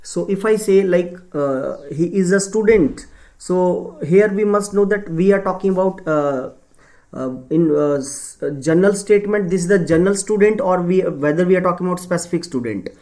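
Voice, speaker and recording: A man's voice: high-pitched, moderate pace, dark tone. A male teacher giving an exam-prep grammar lesson, talking with many fillers and frequent tag questions. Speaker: English teacher.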